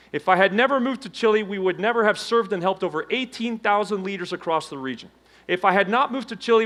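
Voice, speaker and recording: A middle-aged man giving a motivational keynote on stage, telling his story with dramatic swings between loud emphasis and hushed low tones. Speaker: keynote speaker. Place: conference stage before a live audience.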